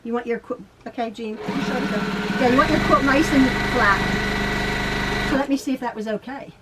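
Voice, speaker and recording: High-voiced lady rambling thru a quilting lesson, sewing machine whirring in the back. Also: moderate pace. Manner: rambling, laughs often, talks to herself. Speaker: quilting teacher. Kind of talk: chatty home sewing tutorial. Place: home sewing room. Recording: sewing machine noise behind her.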